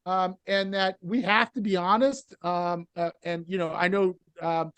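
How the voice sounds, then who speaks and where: A man's voice: high-pitched, steady tone, unhurried, a bit bright, clear, resonant tone, no echo. A middle-aged man speaking as a podcast guest, explaining his views earnestly with frequent restarts. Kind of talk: casual interview conversation.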